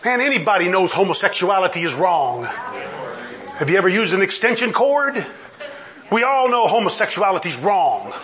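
A man's voice: high-pitched, very animated, normal speed, fairly bright tone. A middle-aged man preaching a sermon, emphatic, firing off mocking rhetorical questions and laughing often. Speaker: pastor.

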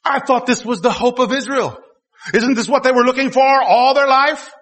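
High, bright-voiced preacher in a reverberant hall. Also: male voice, normal speed. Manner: folksy storytelling, swinging between quiet asides and loud exclamations. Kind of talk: sermon.

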